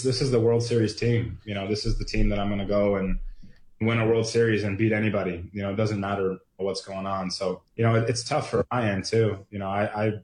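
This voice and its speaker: A male athlete speaking in a press interview, halting with many restarts and fillers, sounding emotional. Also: lowish voice, a little mellow, echoey room.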